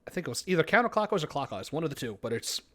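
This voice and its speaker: A man's voice: a little high, big pitch swings, racing, pushed and bright. A man running a tabletop game on a live stream, rambling casually and swearing freely. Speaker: game master.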